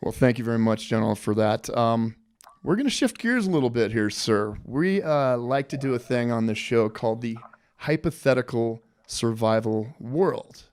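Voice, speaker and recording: A man hosting a podcast interview, politely addressing his guest as sir while laying out a survival quiz with lively storytelling. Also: medium pitch, moderate pace. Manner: respectful, calls guest sir, animated storyteller. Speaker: podcast host.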